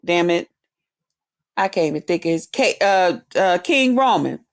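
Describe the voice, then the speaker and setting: A woman's voice: lowish voice, lively intonation, a little slow. A woman hosting her own stream, delivering an angry, profane rant that taunts a rival. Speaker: online streamer.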